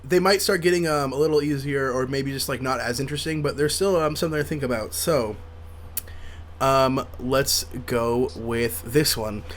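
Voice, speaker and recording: A man's voice: mid-range voice, moderate pace, slight background noise. A man co-hosting a casual podcast in easygoing, joking banter. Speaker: podcast co-host. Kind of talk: casual chat.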